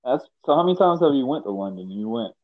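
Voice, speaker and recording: A man hosts a podcast in an easygoing, chuckling manner, often repeating a word as he gets going. His voice is mid-pitched and recorded close and dry. The sound is muffled and lo-fi. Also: big pitch swings, fast talker, no echo. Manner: laid-back, chuckling, repeats words. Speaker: podcast host. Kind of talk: casual chat. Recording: dull dry lo-fi mic.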